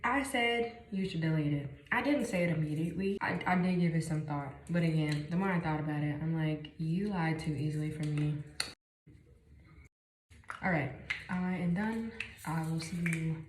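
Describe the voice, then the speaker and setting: A young woman from Chicago telling a story time while doing her makeup, animated, dropping to whispers and jumping up in bursts. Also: low voice, normal speed. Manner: animated, jumps between whispers and bursts of exclaiming. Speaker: vlogger. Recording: echoey room, faint noise.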